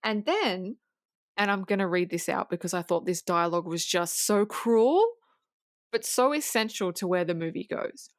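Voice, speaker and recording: A woman co-host recounts a film scene in relaxed podcast chat. She talks in an animated way, curses freely and restarts her sentences often. Her mid-pitched voice is recorded close and dry, with no room sound. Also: moderate pace, dry recording. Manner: animated retelling, swearing, frequent restarts. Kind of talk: casual film recap.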